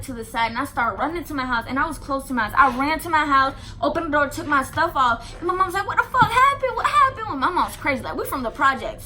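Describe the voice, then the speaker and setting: A woman with a high, bright voice tells a casual storytime for her vlog. She talks emphatically, swears freely and leans on "like" as she piles on the details. Her delivery is animated and sharp. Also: a little hiss or hum. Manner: animated, emphatic and profane, lots of "like" fillers. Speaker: vlogger telling a story.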